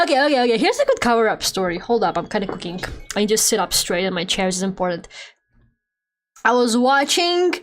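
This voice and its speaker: A young woman with a Russian accent chatting on a live stream at home, animated, laughing often and swearing freely. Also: mid-range voice. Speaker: VTuber streamer. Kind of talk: casual live-stream chat while drawing. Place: home room.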